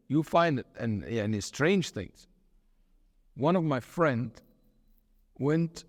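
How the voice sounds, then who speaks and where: A man serving as imam, giving a sermon and telling stories in an animated way, with Arabic terms and quotes mixed into his talk. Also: mid-range voice, studio quality. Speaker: imam and teacher. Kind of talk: sermon lecture with storytelling. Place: mosque hall. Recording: long hall reverb.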